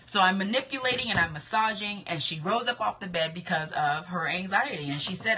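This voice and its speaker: Confident woman, bright husky voice. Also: lowish voice, normal speed. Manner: confident, emphatic, repeats points. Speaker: esthetician coaching other estheticians. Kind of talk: casual live-stream talk. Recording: live stream video.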